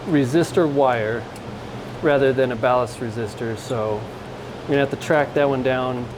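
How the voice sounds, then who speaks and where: A man's voice: medium pitch, normal speed, noisy background. A man chatting to the camera while working on a truck in his garage, casual and joking. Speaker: vlogger wrenching on a truck. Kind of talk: casual workshop vlog. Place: home garage or shop.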